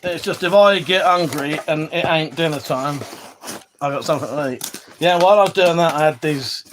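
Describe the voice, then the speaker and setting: A man's voice: on the high side, normal speed, fairly bright tone, slight background noise. An English man hosting a casual livestream, chatting loosely with viewers, swearing freely and trailing off mid-sentence. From England. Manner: swears freely, rambling and self-interrupting. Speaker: livestream host reading chat. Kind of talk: casual chat. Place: indoor room with weapon collection wall.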